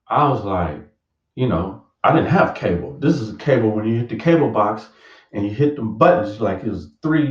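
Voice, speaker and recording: A man casually telling a personal story, lively, acting out his younger self in a raised voice. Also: fairly low pitch. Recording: roomy, distant, dull lo-fi sound.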